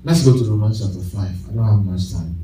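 A pastor with a lowish, mellow voice preaches at a fairly quick clip, leading his congregation in call-and-response and bursting into laughter as he tells stories. The distant mic captures an echoey church hall with slight background noise.

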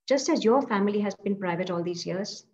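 A woman's voice: medium pitch, brisk, a little mellow, lo-fi sound, lightly acted. A woman voicing a defiant young woman, hurt and bitter, speaking sharply and with reproach.

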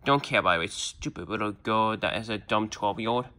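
A man's voice: lowish voice, brisk, bright, forceful tone. A man voicing a mean young cartoon boy who taunts and dismisses others. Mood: dismissive.

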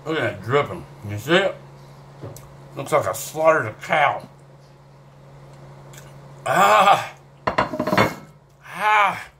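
A man's voice: mid-range voice, expressive, normal speed, pauses often, background noise. A man talking casually to the camera in a vlog while his mouth burns and he sweats, drawling, swearing and groaning between bites. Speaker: vlogger eating hot sauce. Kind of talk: casual self-filmed vlog.

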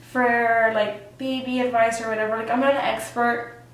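A woman's voice: fairly high pitch, little pitch movement, moderate pace, very echoey, distant mic, slight background noise, poor audio. A young woman vlogger telling her personal story in a chatty way, with lots of fillers and acted-out quotes. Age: young adult.

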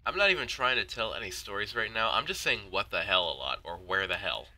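A teenage boy talks through a shooter match as he plays, his tone sharp and very bright. His pitch leaps about constantly as he yelps and swears at the game. He mixes in jokey, mock-dramatic asides. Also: expressive, quick pace. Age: teens. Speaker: gaming YouTuber. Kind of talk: live gameplay commentary.

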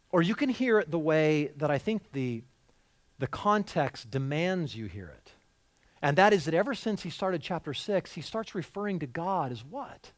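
A man preaching a sermon with a high, very lively voice that swings up and down. He speaks conversationally but with emphasis, repeating and restarting phrases as he goes. The sound is close and dry. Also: moderate pace, no echo. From United States. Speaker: pastor. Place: church.

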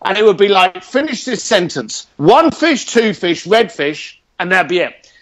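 A man being interviewed, telling stories in a casual, animated and blunt way, swearing freely. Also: high-pitched, unhurried. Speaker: interview guest. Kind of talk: casual storytelling.

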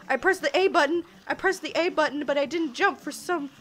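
Young woman, early 20s, tipsy game streamer, excitable and loud, slightly high voice. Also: brisk, faint music behind. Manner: excitable, exclaiming, swearing and laughing. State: tipsy from taking shots. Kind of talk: casual gameplay livestream.

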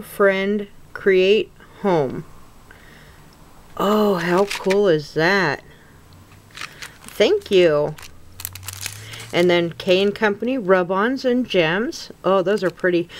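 A middle-aged woman crafter chatting to camera as she unboxes a gift package, gushing, gasping and close to happy tears. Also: mid-range voice. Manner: slow, gushing, gasping and near tears with gratitude. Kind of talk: casual unboxing chat to camera.

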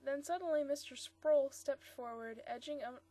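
Woman reading a story aloud, high voice, some stumbles and self-corrections. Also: normal speed, dark tone. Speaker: story reader.

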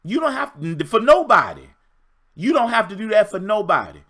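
A man in his fifties, coaching on a livestream with emphatic, preachy repetition. His voice sits a little high and swings widely in pitch, with a bright, forceful edge. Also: big pitch swings, normal speed. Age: 50s. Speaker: relationship coach. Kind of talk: motivational livestream talk.

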